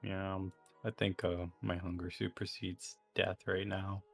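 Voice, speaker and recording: Gravelly low-voiced player, man. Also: little pitch movement, measured pace, soft background music. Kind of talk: in-character play.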